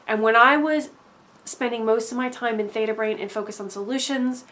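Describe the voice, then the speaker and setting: A woman with a slightly high voice talks straight to her viewers in a casual story-time monologue. She rambles, leans on fillers, and keeps checking in with quick tag questions. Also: fairly even intonation, fairly bright tone. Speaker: vlogger.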